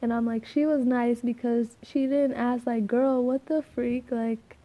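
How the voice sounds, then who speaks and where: A soft-spoken young woman with a slightly scratchy voice, rambling through a casual vlog with many fillers and restarts. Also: on the high side, level tone, unhurried, lo-fi sound. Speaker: vlogger.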